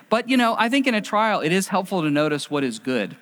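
A man's voice: sits high, very animated, fast talker, few pauses, fairly bright tone. A middle-aged man preaching a sermon in a conversational, storytelling way, acting out quotes as he goes. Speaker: pastor. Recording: long reverb of a hall.

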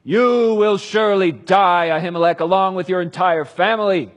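A man shouting as a furious paranoid king. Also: sits high, moderate pace, voice pushed up. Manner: shouting, accusing.

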